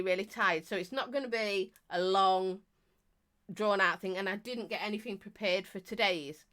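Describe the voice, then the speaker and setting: A woman's voice: medium pitch, a bit bright. A woman hosting a live stream, chatting casually and rambling as she greets viewers and laughs often.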